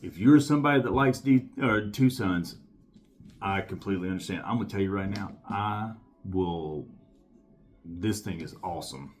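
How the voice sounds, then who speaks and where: A man's voice: sits low, moderate pace, faint music behind. A man giving a casual knife review to camera, talking emphatically and enthusiastically and repeating his points.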